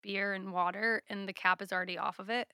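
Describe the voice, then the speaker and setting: A woman's voice: medium pitch, steady tone, fast talker, pushed and bright, smooth, no room sound, clean studio sound. A young adult woman hosting a casual podcast, chatting and laughing easily with her guest. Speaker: podcast host.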